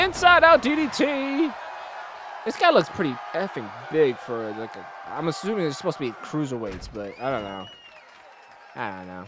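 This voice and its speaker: A male gamer talks over his play, breaking into shouts and curses. His voice sits high and bright, leaping up and down in pitch. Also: a little hiss or hum. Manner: excitable, shouting, swearing. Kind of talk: let's-play commentary.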